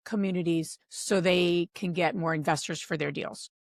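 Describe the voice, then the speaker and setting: A middle-aged woman from Pennsylvania, a podcast guest who tells stories with animated quoted voices. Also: on the low side, moderate pace, gravelly, no room sound, clean studio sound. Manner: animated storyteller, acts out quotes. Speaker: podcast guest, real estate investor. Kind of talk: casual interview talk.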